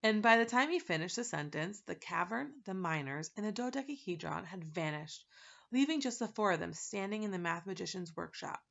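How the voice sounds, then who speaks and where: A woman reading a children's book aloud in a relaxed, casual way. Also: mid-range voice, a little fast, gravelly, dull audio. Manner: relaxed, laughs at her slips. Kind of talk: casual read-aloud narration.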